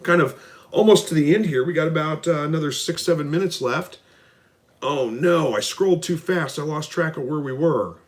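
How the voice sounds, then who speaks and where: A middle-aged man hosting a casual live stream, reading out viewer comments and answering in a relaxed, folksy way. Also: a little high, moderate pace. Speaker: livestream host answering viewer questions. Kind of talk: casual live Q&A about raising rabbits and quail.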